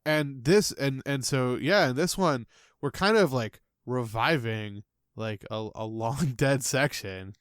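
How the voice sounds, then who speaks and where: Male podcast co-host, mid-pitched, rambling casual chat, dry close sound. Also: a little slow, clear, resonant tone, dry recording.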